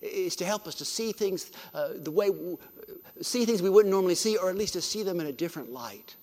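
A man preaching a sermon with a slightly raised voice. He swings from ringing emphasis to hushed, drawn-out phrases, and his words trail off in the long reverb of a large hall. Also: high voice, lively intonation. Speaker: pastor.

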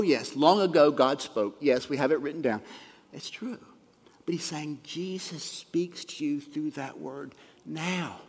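A man preaches a sermon with a voice a little higher than most men's. He drops to hushed near-whispers, then punches key lines out loudly. His voice rings with the long reverb of a large hall. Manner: swings between soft, hushed asides and loud emphatic punches.

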